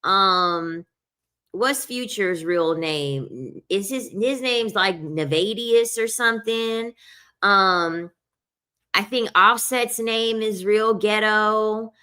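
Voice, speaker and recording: A woman's voice: mid-range voice, slow, bright, forceful tone, clean tone. A woman ranting bluntly to her viewers, swearing freely and repeatedly saying she is sorry. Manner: blunt, profane, keeps saying "I'm sorry". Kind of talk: casual opinionated rant to viewers.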